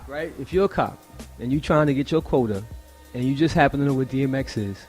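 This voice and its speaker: A man's voice: mid-range voice, fast talker, darkish tone, faint music behind. A man in a casual radio chat, defending his point in loose street talk.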